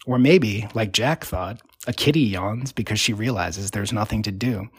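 A man reads a literary story aloud with a wry, deadpan rhythm. His voice is husky and slightly breathy, recorded close in a dry, dead space. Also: fairly low pitch, moderate pace, no echo. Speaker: narrator.

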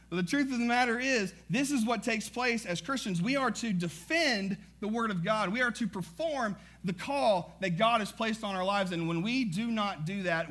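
A man preaching a sermon as pastor, energetic and conversational, with frequent asides to the congregation. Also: high voice.

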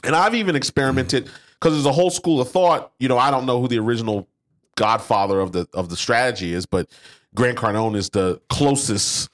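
Brisk and mid-range, this man's voice carries a casual business chat about sales on the podcast he co-hosts. He's animated and acts out the salespeople he quotes.

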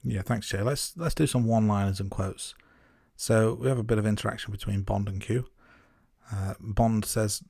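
A podcast co-host chats casually about a film, laughing at himself and restarting sentences in a self-deprecating way. His fairly low voice is fairly even at normal speed, a little mellow with vocal fry and a breathy edge, recorded clean in a studio with no room sound.

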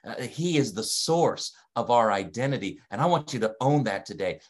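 A man's voice: medium pitch, a bit bright. A man in his forties with a Delaware accent, preaching an online sermon with emphatic repetition and frequent calls to the listeners. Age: 40s. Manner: emphatic, repeats key phrases, asks listeners to respond. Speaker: pastor. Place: streamed online service.

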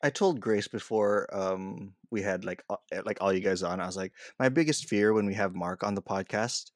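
A man's voice: fairly low pitch, normal speed, no echo. A man hosting a podcast, talking casually and hesitantly, with lots of fillers, close to a podcast microphone. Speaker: podcast host. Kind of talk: casual chat.

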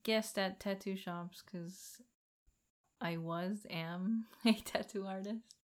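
A woman's voice: mid-range voice, steady tone, slow. A Filipina woman with an American accent, co-hosting a casual podcast chat, blunt and teasing and swearing freely. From Philippines. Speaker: podcast co-host.

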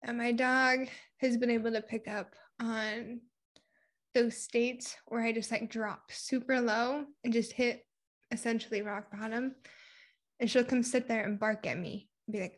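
A young woman from Puerto Rico, talking candidly in a casual conversation. Her voice sits a bit high, and she tells personal stories in a chatty way, acting out what people said. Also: fairly even intonation, unhurried. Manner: candid, chatty storytelling with acted-out quotes.

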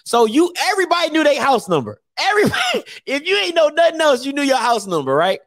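Animated, laughing male storyteller. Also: very high voice, fast, no echo, studio quality. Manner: animated, laughing, acting out voices. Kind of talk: comic personal storytelling.

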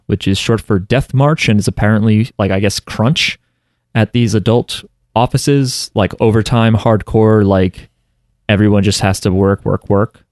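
A man's voice: lowish voice, steady tone, a little slow, darkish tone, no room sound, studio quality. Rambling man chatting about anime. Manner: rambling, many fillers and restarts. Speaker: podcast co-host. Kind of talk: casual anime discussion.

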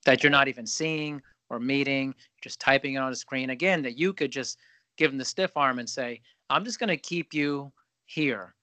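Man, podcast host, casual chat, jokey and energetic, dry close recording. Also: medium pitch, no echo. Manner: energetic, joking, riffs in long run-on thoughts.

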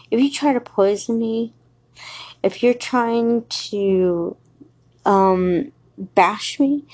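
A woman's voice: medium pitch, darkish tone. Woman podcaster, solo rant, crude and confrontational, mid-range voice. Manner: profane, confrontational, rambling. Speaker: podcast host. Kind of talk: rambling solo monologue.

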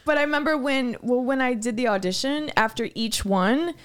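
A woman co-hosting a podcast in casual chat, bubbly and rambling, quick to laugh. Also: high-pitched, clean tone. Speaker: podcast co-host.

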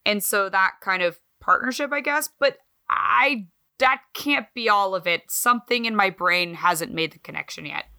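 A woman co-hosting a podcast in casual chat, talking in an animated, swearing, self-mocking way. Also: medium pitch, moderate pace. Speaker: podcast co-host.

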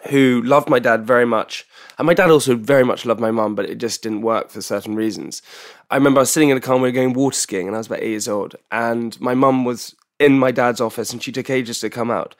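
A young man from England, a podcast guest telling a candid personal story in an energetic way, with many restarts and repetitions. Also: mid-range voice.

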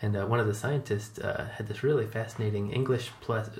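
A chatty American man with a somewhat low voice hosts a relaxed conversation, rambling and laughing as he goes. The recording sits in a roomy, echoing space with faint ambient noise underneath. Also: a little fast. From United States. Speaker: host. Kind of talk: casual conversational interview.

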